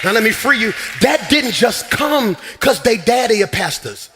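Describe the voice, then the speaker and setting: A man preaching a sermon as pastor in a church, shouting and swinging into sing-song runs. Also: very high-pitched, big pitch swings, normal speed, background noise. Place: church sanctuary.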